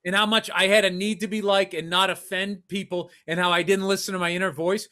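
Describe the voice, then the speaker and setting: A man's voice: high voice, flat delivery, brisk, sharp tone. A middle-aged man, telling a rambling, profane, self-mocking story on a podcast. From Massachusetts. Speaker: podcast host. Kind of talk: storytelling chat.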